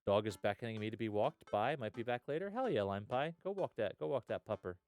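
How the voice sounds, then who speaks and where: Laid-back low-voiced male streamer. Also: animated, fast talker, darkish tone. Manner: laid-back, rambling, lots of "uh" and "hell yeah". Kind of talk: casual live-stream chat.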